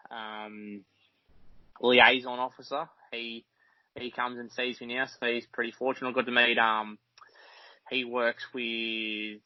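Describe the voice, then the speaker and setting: A man's voice: mid-range voice, no room sound. An Australian man, a mechanic, chatting casually as a podcast guest, rambling and swearing freely. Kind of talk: casual chat. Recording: dry, slightly dull podcast audio.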